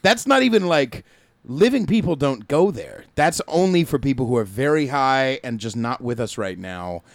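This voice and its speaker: A man's voice: mid-range voice, animated, normal speed, no room sound, clean studio sound. A man co-hosting a casual chat show, teasing and cracking jokes. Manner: teasing, wisecracking. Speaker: podcast co-host. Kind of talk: casual banter.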